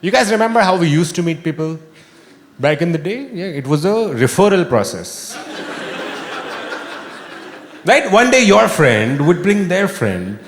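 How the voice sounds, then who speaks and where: A fairly high-voiced man doing a stand-up set, his pitch swinging widely as he builds to bits. He talks into a stage mic in a big room with long reverb, with audience laughter and room noise clearly behind him. His delivery is wry and animated. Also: measured pace, pauses often. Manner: animated, wry, bursts into shouting. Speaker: stand-up comedian. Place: live comedy venue with audience laughter. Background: audience laughter and room ambience.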